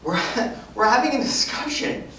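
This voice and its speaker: A woman telling a story in a sermon, acting out the dialogue in a lively, conversational way. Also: fairly high pitch, a little slow. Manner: animated, conversational, acts out dialogue. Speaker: preacher. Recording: echoey hall from far off, noisy.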